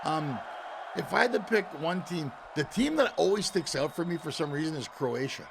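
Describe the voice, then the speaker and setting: A man who is a guest comedian on a podcast, telling animated stories in casual banter and laughing often. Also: a little high, moderate pace, creaky, background noise.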